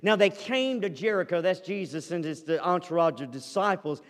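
Male pastor, fairly high voice, slow scripture reading, growing fervor, church reverb. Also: animated. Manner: reads scripture slowly, then preaches with rising fervor. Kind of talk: sermon.

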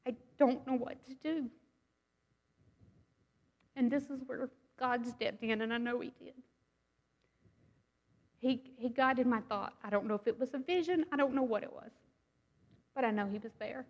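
A woman's voice: a little high, normal speed, long pauses, big-room sound, muffled recording. A woman giving a personal testimony to a congregation, speaking in an earnest, conversational way and often checking in with her listeners.

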